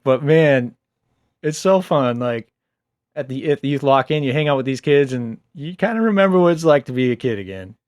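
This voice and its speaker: A young adult man casually reviewing a book, rambling with lots of fillers, a little low on sleep. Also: a little fast, dry recording, lo-fi sound. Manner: rambling, filler-heavy, animated asides.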